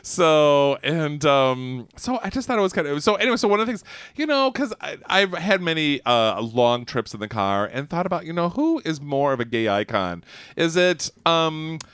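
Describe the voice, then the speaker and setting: A man's voice: on the high side, normal speed, smooth, dry recording. A man co-hosting a casual talk radio show, telling stories with lots of laughter. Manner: animated, storytelling with laughs. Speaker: radio co-host. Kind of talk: casual chat.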